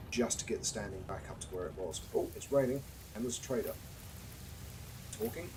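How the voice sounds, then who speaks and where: A British man with a fairly low voice talks through a survival game stream in a casual, dry, chatty way, tossing off wry asides. Clear background hiss sits under his home microphone. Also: lively intonation, a little fast. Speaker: gaming live streamer.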